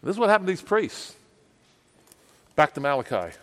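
A man preaches with a slightly high voice that swings between fiery, raised outbursts and quiet, hushed asides. His words ring out with a long reverb that fills the church hall. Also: sing-song, moderate pace. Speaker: pastor. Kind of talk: sermon.

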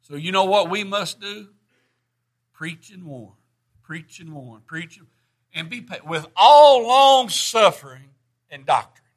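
Man, middle-aged preacher, folksy sermon, emphatic, high pitched. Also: a bit bright. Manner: folksy, rising to emphatic bursts.

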